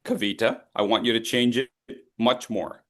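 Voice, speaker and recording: A man leading an online public speaking workshop, coaching participants and swinging between loud and soft to demonstrate. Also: mid-range voice, fairly even intonation, moderate pace.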